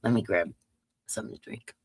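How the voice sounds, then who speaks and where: A woman's voice: a little fast, no room sound. A woman with a stuffy, congested nose hosts a live stream, chatting and greeting her viewers one by one. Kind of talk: casual chat with viewers.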